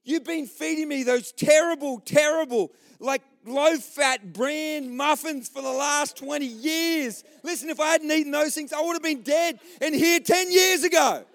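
A man's voice: very high-pitched, fairly even intonation, normal speed, pitched above the performer's own voice. A man voicing an exasperated wife who argues back at her husband. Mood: indignant. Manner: indignant, pleading. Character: exasperated middle-aged wife. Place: church.

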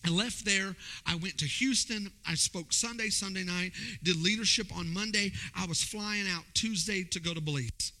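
A pastor preaching a sermon, telling a story with lively delivery and acting out the voices of the people in it. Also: male voice, high-pitched, moderate pace, few pauses. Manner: animated, acts out voices in his stories.

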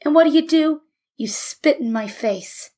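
A woman voicing a stubborn, proud middle-aged father in a storybook reading, blunt and quick to anger. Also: sits high, animated, mellow, pitched above the performer's own voice. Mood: angry.

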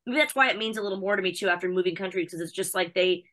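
A woman from the United States, a wrestling personality chatting as an interview guest, bubbly, excitable and chatty. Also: fairly low pitch, rapid-fire. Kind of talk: casual chat.

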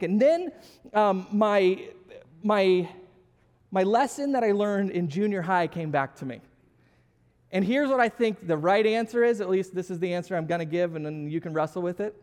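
High-voiced pastor joking in a big hall. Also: male voice, animated, brisk. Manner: conversational and self-deprecating, joking with the audience. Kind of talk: casual sermon with audience questions.

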